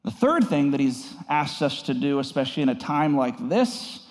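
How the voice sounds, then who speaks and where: A man at mid pitch delivers an earnest devotional message as a pastor. His words come in halting bursts full of fillers, then climb higher and louder on the key points. A long hall reverb trails every phrase. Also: big pitch swings.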